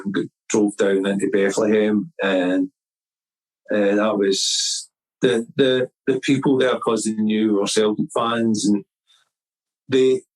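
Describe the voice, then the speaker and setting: A man's voice: lowish voice, poor audio. A middle-aged man, a podcast guest telling a long story in casual chat, rambling with restarts and acting out the people he quotes. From Scotland.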